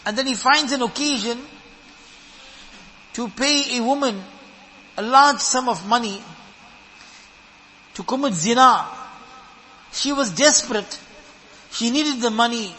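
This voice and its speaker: A man's voice: very high voice, a little slow, pauses often, bright, forceful tone, long reverb tail, a little hiss or hum, rough recording. A man giving a sermon, earnest and emphatic, who often repeats words as he builds a point. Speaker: preacher.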